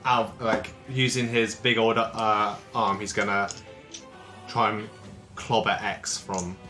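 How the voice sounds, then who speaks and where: Player, low voice, halting casual talk, faint music. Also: male voice, little pitch movement, pushed and bright. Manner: hesitant, many "uh" fillers. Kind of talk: casual tabletop play.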